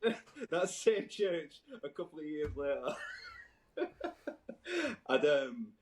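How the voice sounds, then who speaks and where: A man's voice: on the high side, expressive, slow pace, a little mellow, reverberant, rough recording. A man, telling stories casually on a podcast, rambling with lots of "like" and swearing. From Halifax, England. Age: 30s. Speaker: podcast host. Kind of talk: casual storytelling chat.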